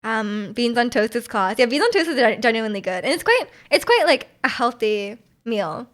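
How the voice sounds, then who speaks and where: A young woman streamer chats casually with her viewers, giggling and rambling as she answers their messages, and sometimes her words trail off into mumbles. Her voice is a little high and a bit bright, swinging widely in pitch at a normal speed.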